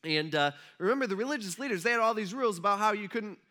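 A young pastor preaching in an easygoing, conversational way, scattering "um" and "uh" as he retells the story. His voice sits high for a man and has a bright, forceful edge. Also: lively intonation, fast talker. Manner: casual, conversational retelling with frequent fillers. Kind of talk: sermon.

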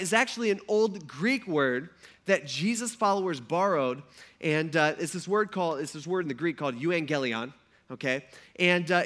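A man preaching a sermon to his congregation, animated and joking, often acting out the people he describes. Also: high-pitched. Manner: animated, joking, acts out voices. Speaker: pastor.

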